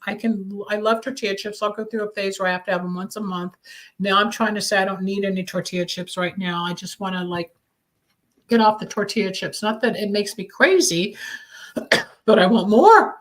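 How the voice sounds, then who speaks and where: A brisk, mid-range female voice comes through a low-quality recording as she hosts a radio talk show in a Los Angeles studio. She speaks candidly and rambles through a casual conversation about recovery, coughing occasionally.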